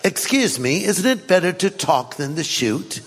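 A man's voice: high voice, sing-song, measured pace, big-room sound, slight background noise. A preacher voicing a crafty, courteous male bear with a British accent in a sermon story. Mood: polite, wheedling. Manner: smooth, courteous, wheedling. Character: polite talking male bear, crafty negotiator.

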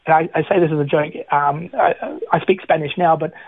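A middle-aged man with a voice on the high side, brisk and slightly rough, tells his personal testimony as a guest. He's an animated storyteller who acts out the lines he quotes. The dry recording has a tinny phone-line sound.

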